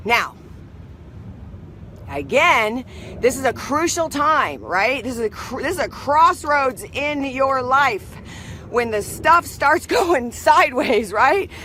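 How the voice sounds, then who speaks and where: Chatty, bright-voiced woman storyteller. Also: sits high, big pitch swings, slow pace, a little hiss or hum. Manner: rambling, chatty, greets viewers mid-story. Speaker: live stream host. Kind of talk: casual storytelling on a live video.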